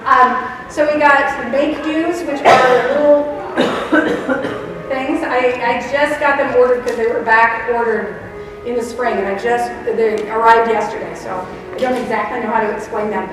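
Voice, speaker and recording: A woman's voice: on the high side, steady tone, a little slow. A woman teacher librarian giving a chatty conference presentation with laughing asides. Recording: echoey hall from far off.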